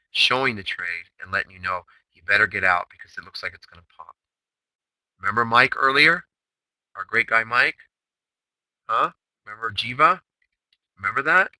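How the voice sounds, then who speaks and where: Pitched on the low side, his pushed, bright voice hosts a recap of a recorded day-trading chatroom session. He asks plenty of rhetorical questions in a brash, emphatic manner, with no room sound and low-quality recording.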